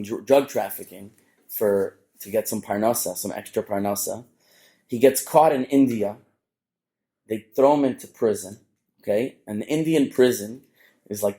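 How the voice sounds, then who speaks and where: Mellow-voiced rabbi telling a story. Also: male voice, on the low side. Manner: animated storyteller with frequent restarts and asides. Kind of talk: storytelling sermon to a live audience.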